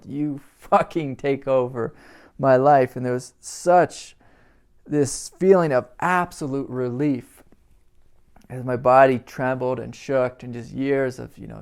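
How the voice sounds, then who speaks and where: Man, middle-aged, spiritual teacher, personal storytelling, gravelly voice, reflective and halting. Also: medium pitch. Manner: reflective, halting, laughs softly between phrases.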